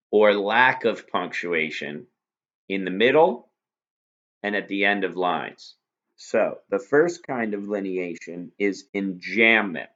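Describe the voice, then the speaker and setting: A man with a fairly low voice gives a recorded lesson. He talks patiently and keeps posing rhetorical questions. The recording sounds dull and lo-fi. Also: a bit bright. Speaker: teacher. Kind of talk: recorded lecture review.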